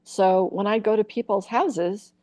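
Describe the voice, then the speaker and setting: A woman's voice: mid-range voice, measured pace, dry recording. A woman from Iowa, a comic actress, telling candid stories in a podcast interview and acting out the people in them. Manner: animated, acts out quoted voices.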